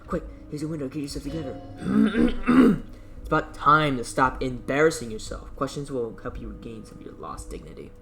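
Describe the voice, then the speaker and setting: A man voicing a hushed, ominous male inner-voice narrator in a game let's-play, murmuring low and deadpan. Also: moderate pace, creaky, over music.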